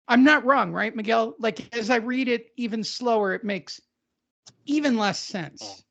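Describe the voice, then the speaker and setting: A boxing podcast host reads news and quotes aloud in a joking, casual way, mocking the wording with exaggerated emphasis. His medium-pitched voice is animated and fairly bright at normal speed, on slightly dull audio.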